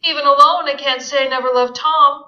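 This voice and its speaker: A woman reading aloud as a distraught young woman, shrill, loud and close to tears. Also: lively intonation, unhurried, echoey room, dull audio, exaggerated voice. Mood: pleading.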